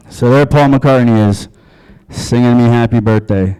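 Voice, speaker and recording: A man's voice: mid-range voice, a little slow, warm tone, smooth, low-quality recording. Crude, profane stand-up comedian man. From Long Island, USA. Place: comedy club stage.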